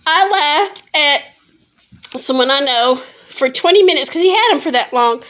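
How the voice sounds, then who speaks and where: Woman vlogger, hiccuping, laughing through every line, lively high swooping voice. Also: normal speed. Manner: giggling helplessly, laughing through her words. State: has the hiccups. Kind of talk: casual monologue to camera.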